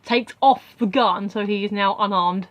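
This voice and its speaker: A woman's voice: mid-range voice, normal speed. A young woman casually recapping a film as a reviewer, rambling with many asides.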